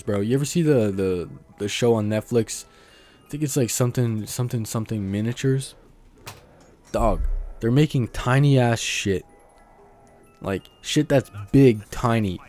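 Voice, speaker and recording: A man's voice: on the low side, a little mellow. A young man rambling in a casual, profane, slang-heavy monologue about hobbies, often breaking into laughter. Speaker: vlogger. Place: outdoors near a road.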